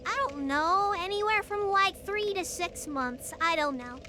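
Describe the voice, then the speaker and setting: A young woman streamer telling stories to her chat in a casual, animated, blunt and profane way that climbs toward yelling. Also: very high-pitched, unhurried. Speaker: live streamer. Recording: clear background noise.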